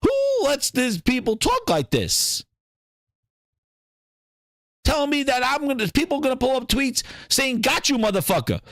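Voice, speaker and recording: A man's voice: extremely high pitch, very animated, unhurried, pauses often, fairly bright tone, no echo, clean studio sound. A man hosting a gaming channel, delivering a heated, profanity-laced solo rant.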